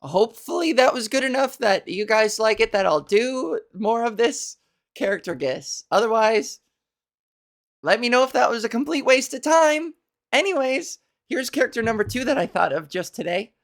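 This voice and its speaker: A woman's voice: fairly high pitch, very animated, normal speed. A woman comedian hosting her own podcast, rambling through a profane comic monologue.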